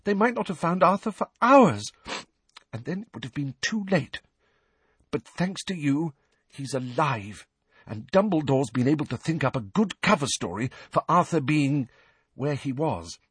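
Male narrator doing a warm, fussing mum, high and husky, close and dry. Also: big pitch swings, moderate pace, no echo, full character voice. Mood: tearful gratitude. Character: warm motherly middle-aged woman, grateful and fussing.

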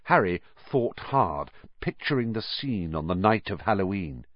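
Expressive male audiobook narrator. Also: low-pitched, dry recording, highs cut off. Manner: measured, expressive storytelling. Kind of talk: scripted narration.

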